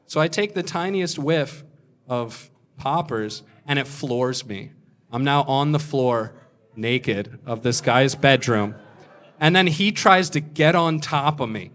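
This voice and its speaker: A man doing stand-up at a comedy club, telling a long story in a deadpan way and acting out what people said. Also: medium pitch, slow pace. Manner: deadpan delivery with acted-out quotes.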